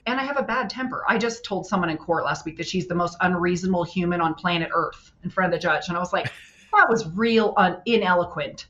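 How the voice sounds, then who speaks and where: A middle-aged woman, a family law attorney, telling blunt, brash stories with quick wit and acted-out quotes in a casual interview. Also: fairly low pitch, a bit bright, muffled recording.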